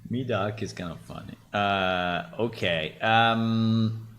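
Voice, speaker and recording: A man's voice: on the low side, lively intonation, drawn-out words, a bit bright. A man, a game developer, thinking aloud in a casual dev vlog, hesitant with many restarts.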